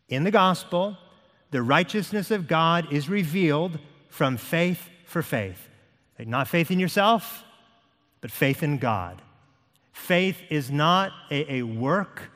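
A man preaching a sermon to a congregation, reading scripture slowly and pressing each point with emphasis. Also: fairly high pitch, fairly bright tone. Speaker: pastor. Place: church sanctuary. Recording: long hall reverb.

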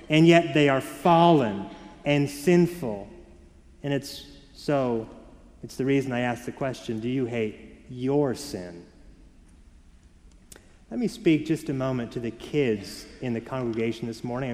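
A man preaching a Sunday sermon as pastor, shifting between soft, slow emphasis and lively storytelling for the children. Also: medium pitch. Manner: varied and expressive, dropping soft for emphasis, rising for children. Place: church sanctuary. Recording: church hall reverb.

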